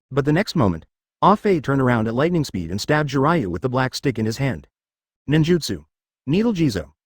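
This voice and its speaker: Male text-to-speech narrator, fanfic reading, fast, lively pitch. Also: dry recording, studio quality. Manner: flat machine reading that reads out stray words. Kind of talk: machine-read fanfic narration.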